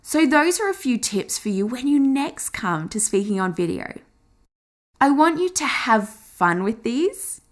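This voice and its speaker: Lively woman coaching on camera. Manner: demonstrates fast and slow, high and low delivery; encouraging, chatty. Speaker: marketing coach. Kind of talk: on-camera teaching.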